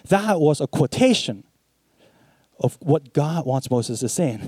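A man preaching a sermon, swinging between hushed, low passages and emphatic, animated ones as he retells scripture. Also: takes it slowly, breathy edge, no room sound.

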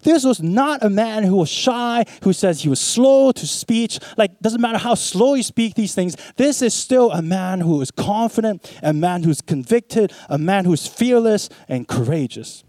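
A man delivering a sermon in a fairly high, mellow voice, recorded close and dry. He moves between quiet, hushed stretches and lively, emphatic retellings of scripture. His delivery stays animated and earnest throughout. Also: unhurried, hardly any pauses, no room sound. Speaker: preacher.

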